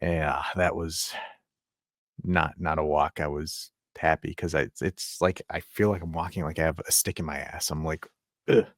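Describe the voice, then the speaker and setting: A man's voice: very deep voice, normal speed, dry recording, clean studio sound. A man co-hosting a podcast in casual chat, telling stories with lots of swearing and acted-out quotes. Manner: profane, animated storytelling with acted-out quotes. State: injured foot, on a crutch. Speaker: podcast co-host.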